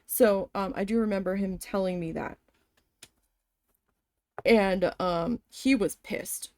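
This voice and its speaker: Speaking slowly at a medium pitch with no echo, a woman vlogger embroiders while casually telling a story about a former job. She's venting and animated, cursing and performing what people said to her.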